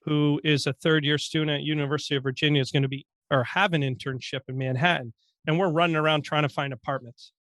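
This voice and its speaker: A man's voice: fairly high pitch, fairly even intonation, fast talker, fairly bright tone. Joking middle-aged man co-hosting. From Vermont. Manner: joking, teasing, upbeat. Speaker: podcast co-host. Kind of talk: casual podcast banter.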